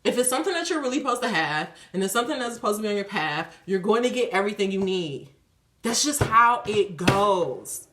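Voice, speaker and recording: A woman giving a casual spiritual reading, animated and profane, laughing often. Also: mid-range voice, a little fast. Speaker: tarot reader. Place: a room at home. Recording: echoey room.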